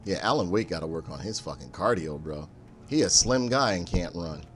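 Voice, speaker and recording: A man streaming a game, joking and cursing in an animated, storytelling way. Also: sits low, moderate pace, soft background music. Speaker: gaming streamer. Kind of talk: casual let's-play commentary.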